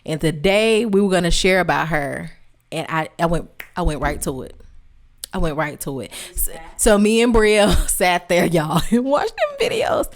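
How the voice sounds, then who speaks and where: Low-voiced woman hosting a tribute. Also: big pitch swings, normal speed. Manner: emotional, talks straight to listeners, repeats phrases for emphasis. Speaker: podcast host. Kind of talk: heartfelt tribute podcast talk.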